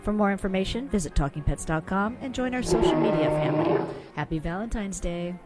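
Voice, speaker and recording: Low-voiced woman radio reporter. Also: brisk, loud music behind the voice, low-quality recording. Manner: crisp news read, then frank and opinionated. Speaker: news reporter and co-host. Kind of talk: news reading and casual radio chat.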